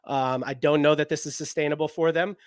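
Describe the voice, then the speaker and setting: A man's voice: a little high, steady tone, fairly quick, clear, resonant tone, dry recording, studio quality. A young man co-hosting a casual basketball chat, rambling with lots of "like" fillers. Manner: rambling, heavy use of "like" fillers. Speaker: basketball podcast co-host.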